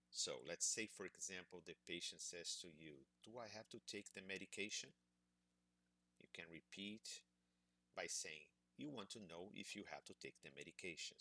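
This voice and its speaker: A man giving an instructional presentation as an English exam prep teacher, measured and explanatory, stressing key words. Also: low voice, pushed and bright.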